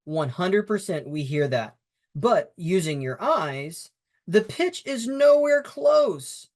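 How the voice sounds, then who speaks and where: A man's voice: high voice, sing-song, slow pace. Man coaching umpires in casual talk. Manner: conversational, emphatic, with fillers and restarts. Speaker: baseball umpire instructor. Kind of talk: instructional talk over game footage.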